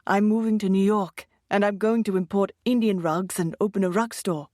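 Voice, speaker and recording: A woman's voice: medium pitch, steady tone, moderate pace, no room sound, studio quality, close to an everyday voice. A woman voicing an enthusiastic, romantic young man newly married. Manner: enthusiastic, warm storytelling. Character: young Indian man, eager, romantic groom.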